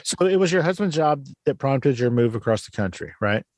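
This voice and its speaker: A man's voice: mid-range voice, expressive, a little fast, a little mellow, no echo. A man hosting a podcast interview, joking, swearing casually and laughing a lot. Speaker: podcast host.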